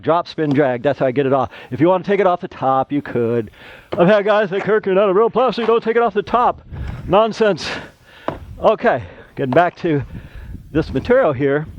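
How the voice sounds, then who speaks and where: A man's voice: a little high, muffled recording, a little hiss or hum. A middle-aged man, a plasterer, giving a casual how-to demonstration, chatty and rambling into side stories.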